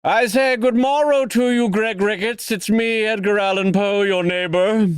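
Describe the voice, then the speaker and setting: A man's voice: sits high, smooth, soft background music, pitched above the performer's own voice, close to an everyday voice. A man doing a gloomy Poe with a drawl. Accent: put-on Virginia drawl. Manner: slow, old-fashioned formal phrasing, mournful. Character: Edgar Allan Poe as a gloomy, grandly formal male poet neighbor. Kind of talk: improvised comedy bit.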